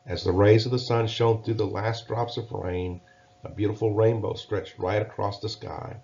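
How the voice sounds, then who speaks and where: A man reading a children's storybook aloud in a gentle, measured way. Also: lowish voice, fairly even intonation, gravelly. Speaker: narrator. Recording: dull lo-fi recording.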